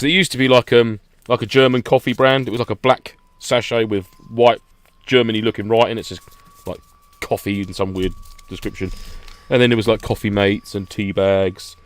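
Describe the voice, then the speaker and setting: A man on a podcast, ranting in a jokey way about his gear and laughing often. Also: fairly low pitch. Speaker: podcast co-host. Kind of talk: casual chat.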